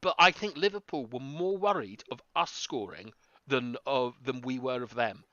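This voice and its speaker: On a live stream, a tactical analyst gives an earnest, explanatory breakdown of football, saying "um" frequently. His medium-pitched voice moves at a moderate pace, and the lo-fi audio carries a crowd in the background.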